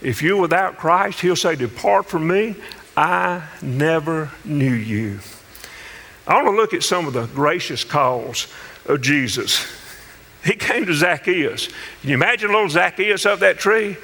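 In a church, a man delivers a sermon in a high, bright voice that echoes through a long hall. At a normal speed and with lots of expression, he tells folksy stories and hammers them home with emphatic preaching.

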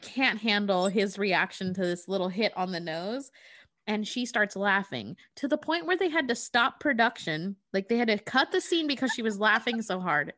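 A woman's voice: mid-range voice, a bit bright. Chatty woman telling a story. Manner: chatty, frequent "like", swears casually. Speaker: podcast co-host. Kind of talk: casual storytelling chat.

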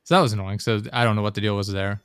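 A young adult man recounts his day in a loose, rambling podcast chat, peppered with fillers and swearing. His voice sits fairly low. The sound is dry and close, with no room echo. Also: steady tone, very fast, fairly bright tone, clear, resonant tone. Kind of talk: casual chat.

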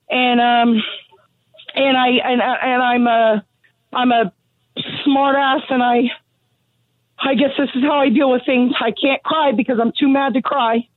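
Breathless middle-aged woman ranting down a tinny phone line, high voice, dry. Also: no echo. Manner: angry and grieving, ranting bluntly. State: out of breath from pacing. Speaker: caller. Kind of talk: phoned-in talk radio call.

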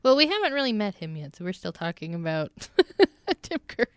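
A woman's voice: mid-range voice, sing-song, smooth, no echo. A woman co-hosting a podcast, chatting casually about a movie and laughing often. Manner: laughs often, quick to joke. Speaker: podcast co-host.

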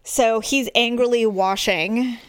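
A middle-aged woman chats casually as a host, spinning an animated story and slipping into the voices of the people she quotes. Her voice sits a bit high and sounds dry and close, with no room around it. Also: slow, clear, resonant tone, no room sound. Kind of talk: casual chat.

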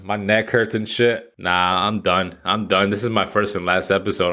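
A man's voice: on the low side, steady tone, normal speed, few pauses, bright, forceful tone. A thirty-year-old American man hosting his own podcast, rambling, swearing and mocking himself in casual talk. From United States. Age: 30s. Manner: rambling, profane, self-mocking. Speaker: podcast host. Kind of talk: casual solo podcast monologue.

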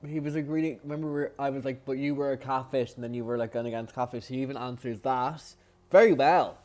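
An Irish man co-hosts a podcast in easygoing chat, with a voice of middling pitch. He teases bluntly and speaks plainly. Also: fast talker, darkish tone. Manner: teasing, blunt, laughs often. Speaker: podcast co-host. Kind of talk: casual chat.

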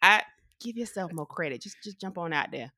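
A woman hosting a podcast in casual chat, animated and profane, laughing often. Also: fairly low pitch, fairly quick. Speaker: podcast host. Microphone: video call.

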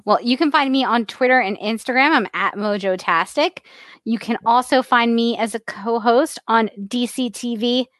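A woman's voice: on the high side, moderate pace, fairly bright tone, no room sound. A woman co-hosting a podcast in casual chat, tossing in playful joking asides. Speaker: podcast co-host.

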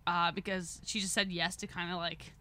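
A woman guest on a podcast, telling a story in animated casual chat. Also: on the low side, moderate pace, a little hiss or hum. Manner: animated storyteller, laughs often.

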